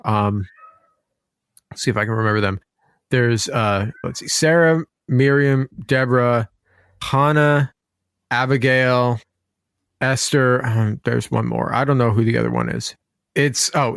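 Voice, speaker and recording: A woman's voice: rumbling low, vocal fry, no room sound. Woman, young adult, podcast co-host, casual chat, playful storyteller, dry close sound. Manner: playful storyteller, acts out quoted exchanges.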